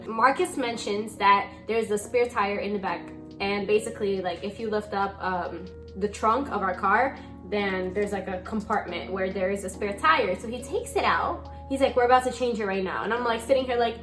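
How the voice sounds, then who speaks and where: A woman in her twenties telling a story in casual chat, animated and rambling, with a lot of swearing. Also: medium pitch, fairly quick, soft background music. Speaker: vlogger.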